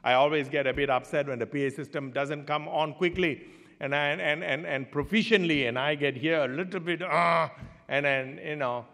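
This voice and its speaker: A pastor preaching, his slightly high voice rising and falling as he tells his stories. His words ring out with a long hall reverb behind them. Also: moderate pace, gravelly. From Singapore. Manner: storytelling, animated swings in pitch and loudness. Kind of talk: sermon.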